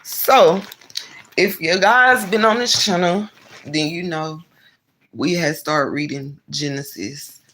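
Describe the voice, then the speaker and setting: A woman hosting an online Bible reading stream, chatting casually with viewers and laughing easily, then reading scripture aloud with louder emphasis. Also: deep voice, takes it slowly, slight background noise, low-quality recording.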